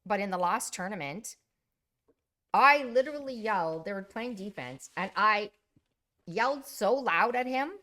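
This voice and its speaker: A woman co-hosting a casual chat, telling lively stories about coaching and acting out her own yelling. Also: mid-range voice, measured pace. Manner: animated storyteller, acts out her own yelling. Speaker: podcast co-host.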